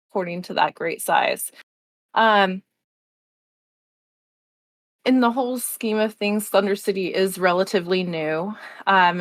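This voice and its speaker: A woman running a tabletop game as storyteller, slowly describing the setting with many pauses. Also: fairly low pitch, a bit bright, no echo. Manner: unhurried, filler-heavy setting description. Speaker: game master.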